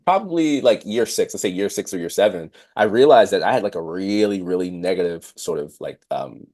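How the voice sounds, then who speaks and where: A man in his thirties talks casually on a podcast, his voice sitting low. He thinks aloud with plenty of fillers and now and then jumps up to act out what he once said. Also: brisk. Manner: reflective, many fillers, animated quotes of himself. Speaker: podcast host. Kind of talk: casual conversational chat.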